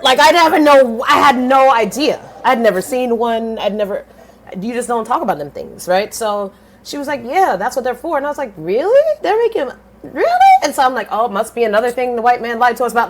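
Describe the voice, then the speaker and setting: A woman in her thirties, a podcast guest telling her story in a lively, blunt way, swearing casually and switching voices when she quotes people. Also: a little hiss or hum. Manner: animated, swings pitch widely when quoting others.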